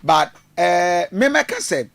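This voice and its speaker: A man's voice: sits high, very animated, slow pace, vocal fry, fairly bright tone, dry recording. A man with a Ghanaian accent giving rambling, hesitant political commentary, mixing in Twi phrases. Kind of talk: casual news commentary.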